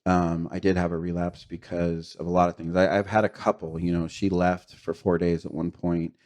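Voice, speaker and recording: Low-voiced middle-aged man, podcast guest, candid and confessional testimony with fillers. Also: little pitch movement, normal speed, darkish tone. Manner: earnest, confessional, with frequent fillers and short laughs.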